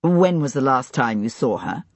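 A woman voices a composed aristocratic gentleman in a storybook reading. He speaks coolly and precisely, with a low, slightly husky voice. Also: expressive, no room sound, heavily acted. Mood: probing. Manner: measured, cool, pointed. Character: cool, sharp-eyed aristocratic gentleman investigator.

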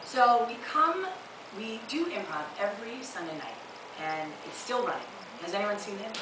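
A woman in her thirties from Chicago, doing chatty, animated stand-up on a theater stage. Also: mid-range voice, normal speed. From Chicago, USA. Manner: chatty, animated storyteller with frequent laughs. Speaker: stand-up comedian. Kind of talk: stand-up comedy. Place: theater stage with live audience. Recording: roomy theater, mic far off, audience noise.

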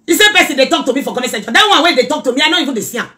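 Animated high-voiced Nigerian woman. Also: very fast. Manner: animated, mixes pidgin and Yoruba, scolding asides. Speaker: social media commentator. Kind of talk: casual reaction chat.

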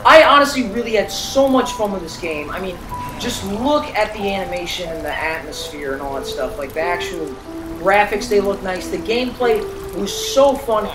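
A woman giving let's play commentary as a gamer, excitable and reacting aloud to every surprise. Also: mid-range voice, normal speed. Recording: roomy, distant mic with game music.

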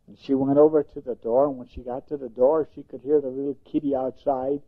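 An older man, a grandfather, slowly telling a gentle bedtime story in a singsong way. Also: fairly high pitch. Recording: tinny phone-like sound.

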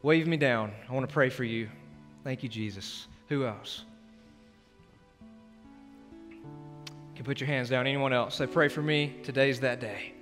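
A male pastor giving an altar call in a church, earnest and pleading, shifting between loud urging and hushed prayer. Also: mid-range voice, unhurried, long pauses. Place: church sanctuary. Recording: long church hall reverb with soft music.

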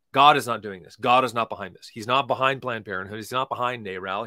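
Guy preaching on his podcast, bright punchy voice, dry sound, gets loud then drops quiet. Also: medium pitch, dry recording. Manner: emphatic, preachy, swings between loud and quiet; reads scripture aloud slowly. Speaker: podcast host. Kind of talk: preaching commentary.

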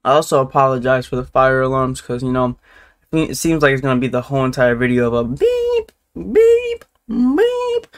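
A man giving laid-back, slangy commentary as he reacts to a video. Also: medium pitch. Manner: laid-back slangy banter, laughs a lot.

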